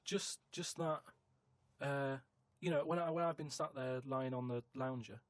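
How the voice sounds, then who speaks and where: A man chatting in a studio, explaining himself in a halting, rambling way full of restarts. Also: mid-range voice, no echo. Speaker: regular guest. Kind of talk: casual studio chat. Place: radio studio.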